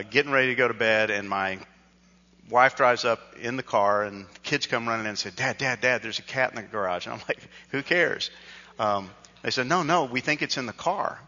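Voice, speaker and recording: A man's voice: lowish voice, sharp tone. A man, a pastor telling a self-deprecating personal story in a conversational sermon. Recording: dull sound with long hall reverb.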